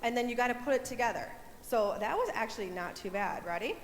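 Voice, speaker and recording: Animated woman teaching kids. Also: on the high side, fast, a little hiss or hum. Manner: animated, playful, coaxing kids to join in. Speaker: children's message leader. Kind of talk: children's sermon, teaching kids. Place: church sanctuary. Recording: echoey hall, faint room ambience.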